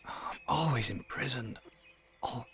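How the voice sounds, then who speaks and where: A man's voice: medium pitch, measured pace, sharp tone, breathy edge, exaggerated voice. A man voicing a sarcastic, swearing male halfling prisoner in a tabletop game. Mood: exasperated.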